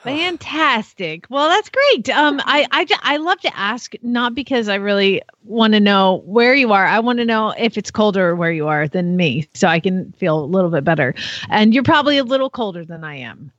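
A woman's voice: mid-range voice, animated, normal speed, a bit bright, dry recording, dull audio. A woman hosting a radio call-in show, chatty and playfully affectionate with callers. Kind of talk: casual radio chat.

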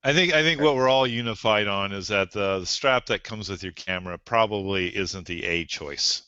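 A man with a low, bright, forceful voice and a smooth, clear tone talks camera gear as a podcast guest, pausing often with "uh". The sound is dry and a little dull. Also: no room sound. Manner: gear-focused, hesitant, many uhs. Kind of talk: casual chat.

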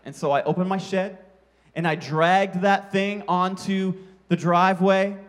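High-voiced man telling a story from the pulpit. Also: a little slow. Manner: animated storyteller, sound effects, self-mocking. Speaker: pastor. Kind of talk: sermon with a personal story.

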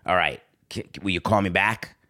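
A man doing a low, hushed impression of an entitled star quarterback reeling off smug demands. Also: normal speed, dry recording, clean studio sound.

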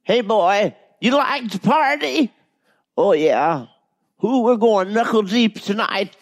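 A cracking old Southern granny. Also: male voice, expressive, takes it slowly, full character voice. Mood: flirty. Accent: Southern US put-on. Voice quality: cracking pitch jumps.

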